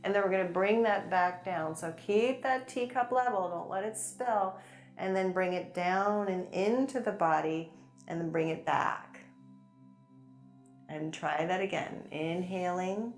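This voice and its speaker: A woman teaching a chair yoga class, gently guiding breaths and movements with encouragement and light laughs. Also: medium pitch, measured pace. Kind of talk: guided yoga class instruction. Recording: echoey room with soft music. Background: soft background music.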